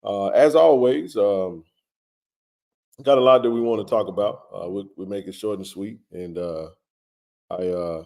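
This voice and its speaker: A man hosting a casual live stream, greeting viewers by name with a relaxed, filler-heavy way of talking. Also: on the low side, a little slow, gravelly.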